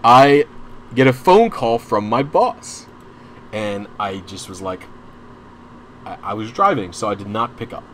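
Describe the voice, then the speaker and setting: Speaking at a measured pace with frequent pauses, this young male streamer has a lowish, expressive, fairly bright voice, and there's a slight hiss or hum behind him. His long personal story comes out in casual, rambling chat full of restarts and side comments, and his anxiety and frustration show plainly.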